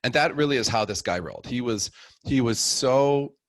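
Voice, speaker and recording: A middle-aged man, a guest on the show, casually telling the story of his conversion with animated delivery, acting out each person in it. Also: medium pitch, normal speed, no room sound.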